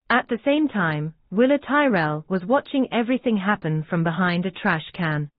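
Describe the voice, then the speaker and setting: A woman narrating a fan-written audiobook in an even, steady reading voice. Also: on the low side, no room sound. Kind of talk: scripted narration. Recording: dry, tinny phone-like sound.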